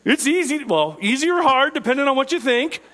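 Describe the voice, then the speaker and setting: A man preaching an interactive sermon, asking his listeners questions and slowing down on key phrases. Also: very high-pitched, animated, sharp tone. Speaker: preacher teaching a group.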